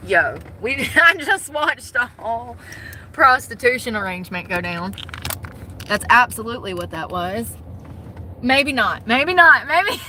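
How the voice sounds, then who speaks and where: A woman's voice: high voice, lively intonation, slow, pauses often, sharp tone, a little hiss or hum. A woman live-streaming from her parked truck on her phone. She chats casually with her viewers, laughs often and greets them by name.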